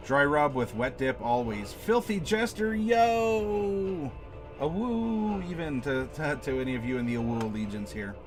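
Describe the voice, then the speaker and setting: A man's voice: fairly high pitch, animated, unhurried, over music. Chatty man rambling to his stream. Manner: rambling, chatty, reads chat aloud and answers viewers. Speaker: streamer host. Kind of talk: casual live-stream chat with viewers. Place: home desk.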